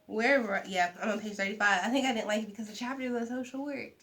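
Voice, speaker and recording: A young woman chatting casually to camera about books, animated, with soft asides. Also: fairly high pitch, quick pace. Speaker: vlogger. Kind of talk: casual book chat to camera.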